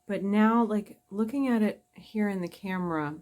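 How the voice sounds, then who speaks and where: In a medium-pitched, slightly mellow voice at normal speed, a middle-aged woman chats informally while demonstrating makeup for her vlog. She doesn't mince words, swears freely, and mocks herself.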